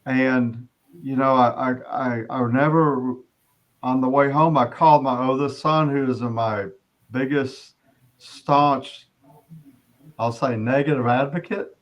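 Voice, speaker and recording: A middle-aged man giving an earnest personal testimony as an interview guest, often halting and restarting his sentences. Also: medium pitch, steady tone.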